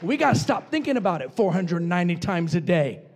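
An older man from New Mexico preaching a revival sermon as pastor, with fervent repeated declarations that often rise to shouts. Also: high-pitched, big pitch swings, brisk, a little hiss or hum. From New Mexico, USA.

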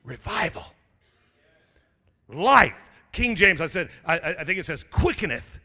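A male pastor preaches with a voice that swoops wildly up and down, stumbling over restarts before bursting into shouts. His bright, cutting tone rings out into the long reverb of a big hall. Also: on the high side, measured pace, slightly rough. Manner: animated, stammering restarts, shouted exclamations, jokey asides. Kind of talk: energetic sermon.

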